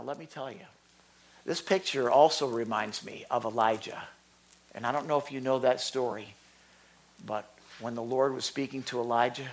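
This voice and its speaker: Earnest guy preaching, highish sharp voice, loud questions then quiet asides. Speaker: Bible teacher. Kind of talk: conversational sermon.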